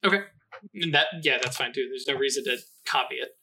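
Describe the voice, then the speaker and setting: A man's voice: mid-range voice, fast talker, pushed and bright. A man running a tabletop game as game master, explaining rules with many fillers and restarts.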